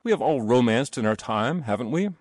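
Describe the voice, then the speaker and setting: A mannered, condescending older gentleman holds forth in a raised, lively voice , as a male narrator puts him on. The recording is dry and close. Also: mid-range voice, a little fast, no echo, close to an everyday voice. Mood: patronizing. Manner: patronizing, mannered.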